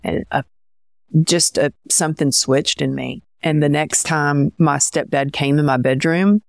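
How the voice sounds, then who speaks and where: Gravelly-voiced woman telling her story. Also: sits low, steady tone, measured pace, dry recording, clean studio sound. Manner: candid, soft-spoken, emotional. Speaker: guest. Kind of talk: personal interview storytelling.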